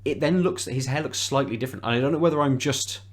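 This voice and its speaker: A man's voice: mid-range voice, quick pace. A man co-hosting a podcast in casual chat, hesitant, often restarting his sentences as he thinks aloud. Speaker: podcast co-host.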